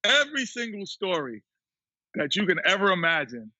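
Lively, laughing man telling a story. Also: high voice, normal speed, no room sound, muffled recording. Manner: animated storyteller who acts out quotes, laughs often. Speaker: guest, former basketball player and TV analyst. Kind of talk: casual storytelling chat.

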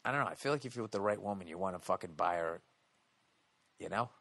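A man's voice: low-pitched, lively intonation, fast, creaky, fairly bright tone, no room sound. A man hosting a podcast, ranting bluntly and swearing constantly. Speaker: podcast host. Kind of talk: profane casual podcast rant.

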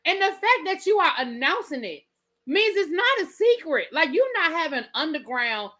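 A woman hosting a casual celebrity gossip podcast, talking in an animated, incredulous way with laughing asides. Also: very high-pitched, normal speed. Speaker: podcast host.

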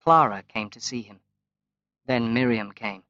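Slow, measured male audiobook narrator. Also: mid-range voice, sharp tone, dry recording. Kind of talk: scripted narration. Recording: dull, lo-fi, dry recording.

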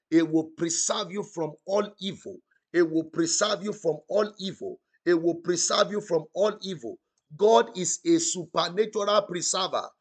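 A man's voice: high-pitched, slightly rough. A male pastor praying fervently, repeating declarations and breaking into tongues during an online broadcast. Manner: fervent, repetitive, chanting, speaks in tongues; commanding calls for audience response. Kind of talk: prophetic prayer on an online broadcast.

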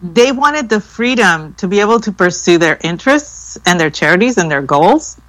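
A woman's voice: on the low side, big pitch swings, normal speed, fairly bright tone, low-quality recording. A woman co-hosting a podcast, talking bluntly and laughing in casual chat. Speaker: podcast co-host.

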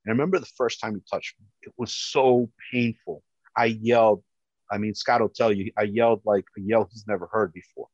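A man, a police officer, telling his own story as personal testimony in an earnest, halting way with many restarts. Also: fairly low pitch, a little mellow, no echo. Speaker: police officer recounting a rescue. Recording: dull lo-fi dry sound.

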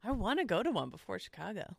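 Male co-host, high and gravelly, eager interjections, dry studio sound. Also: very animated, fast talker, fairly bright tone, dry recording. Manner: eager, chimes in with suggestions. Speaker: podcast co-host. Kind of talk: casual group banter.

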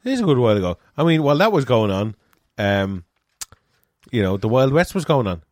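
A man's voice: mid-range voice, big pitch swings, fairly quick, no room sound, clean studio sound. A man, co-hosting a podcast in casual banter and tossing in wry jokes. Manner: wry, joking asides. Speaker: podcast co-host.

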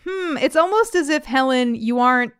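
A woman's voice: sits high, animated, normal speed, smooth, dry recording, studio quality. A woman, co-hosting a podcast and teasing her co-host through rambling, playful asides. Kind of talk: casual chat recapping a TV episode.

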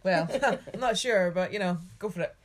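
A woman's voice: mid-range voice, normal speed. A woman co-hosting a podcast in casual chat, reacting to the story with exclamations and laughs. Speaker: podcast co-host.

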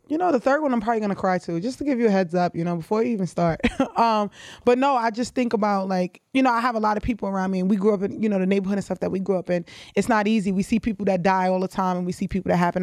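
A young woman chatting warmly as a guest on her sibling's podcast, emotional and quick to laugh. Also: mid-range voice, no echo, studio quality. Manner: fast, emotional, laughs often. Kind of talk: casual heartfelt chat.

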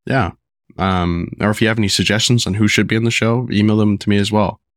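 Man, deep voice, sick and rough-voiced, rambling podcast host, dry close sound. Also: fairly even intonation, fast talker, dry recording. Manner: rambling, many fillers and restarts. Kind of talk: casual solo podcast talk.

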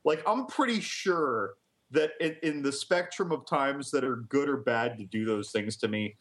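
A man's voice: mid-range voice, animated, moderate pace, a bit bright. A man co-hosting a podcast in casual chat, rambling and hesitant, laughing at his own riffs. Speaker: podcast co-host.

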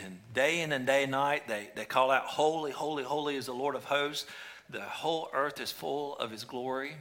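A man preaching a sermon, reading scripture aloud and moving between hushed whispers and intense, raised passages. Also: medium pitch. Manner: dynamic preaching, dropping to a whisper then rising to intense cries. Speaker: pastor.

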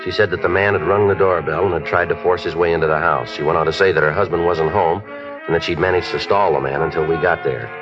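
A detective's very deep voice narrates in clipped, fast, matter-of-fact sentences. The sound is an old, dull radio broadcast. Music is clearly heard underneath. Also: male voice, steady tone. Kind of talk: 1950s radio drama narration.

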